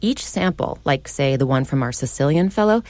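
A woman's voice: low voice, lively intonation, moderate pace, a little mellow, no room sound. A woman radio reporter narrating a feature in a conversational, lightly scripted way.

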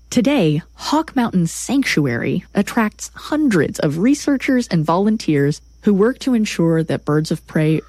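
A woman giving measured, clear scripted narration for a short radio program. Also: medium pitch, a little mellow, no echo.

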